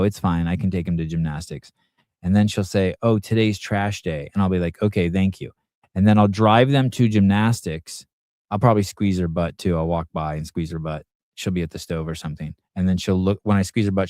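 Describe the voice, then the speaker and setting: Middle-aged guy rambling on his podcast, swears a lot, lowish voice, dry sound. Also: a little mellow, dry recording. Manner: rambling, profane storytelling. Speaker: podcast host. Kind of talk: casual live podcast chat.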